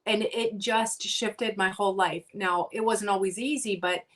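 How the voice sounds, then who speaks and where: An earnest woman shares her thoughts in an unhurried, conversational way. She fills pauses with ums and often starts her sentences over. Her voice comes across a bit far from the microphone, as on a video call. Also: medium pitch, fairly even intonation, fairly bright tone. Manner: earnest, many ums and restarts. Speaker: guest. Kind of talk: casual conversation.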